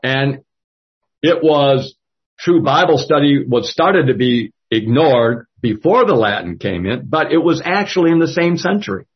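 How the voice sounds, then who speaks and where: A man leading a Bible study discussion, speaking slowly and haltingly with many fillers. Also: mid-range voice, lively intonation, husky. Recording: dull lo-fi audio.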